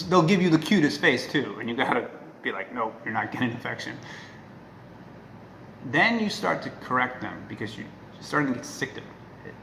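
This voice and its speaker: A man talking casually to the camera as a dog trainer, earnest and emphatic, often checking in with a quick "right?". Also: medium pitch, vocal fry. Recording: echoey room with faint noise.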